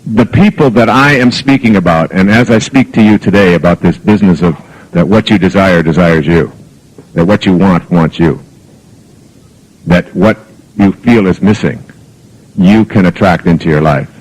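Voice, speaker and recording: A man's voice: deep voice, moderate pace, poor audio. A man giving a spoken lecture to an audience as a motivational speaker, telling anecdotes in an earnest, reflective way with plenty of fillers. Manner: rambling anecdotal storytelling with fillers.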